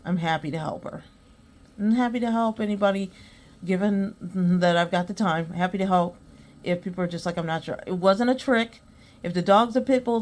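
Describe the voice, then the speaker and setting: A woman hosting a podcast, chatting casually and acting out both sides of her conversations, then giving earnest advice. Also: mid-range voice. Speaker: podcast host. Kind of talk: casual storytelling monologue.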